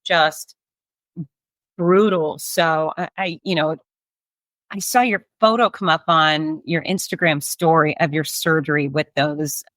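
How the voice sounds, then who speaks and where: A woman's voice: low voice, fairly even intonation, unhurried, no room sound. A woman hosting an interview, chatty and emphatic, sharing her own experiences. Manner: warm-hearted, emphatic, chatty. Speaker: host. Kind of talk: interview conversation.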